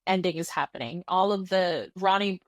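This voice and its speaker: A woman's voice: fairly low pitch, normal speed, no echo. A young woman co-hosting a podcast, chatting casually and playfully about a movie and swearing offhand. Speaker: podcast co-host. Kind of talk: casual movie review chat.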